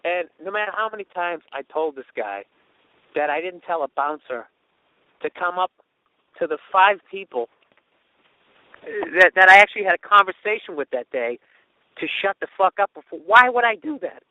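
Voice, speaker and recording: Comic host, high voice, swearing storyteller, tinny dry lo-fi sound. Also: male voice, normal speed, pauses often, no echo. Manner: profane, animated, does mocking voices of others. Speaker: comedian podcast host. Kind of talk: storytelling monologue.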